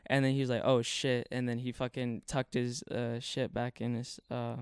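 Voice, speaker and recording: Smooth-voiced young man telling a story. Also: mid-range voice, little pitch movement, normal speed, a little mellow, dry recording, studio quality. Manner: rambling, filler-heavy, swears a lot. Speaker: podcast guest. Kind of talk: casual storytelling.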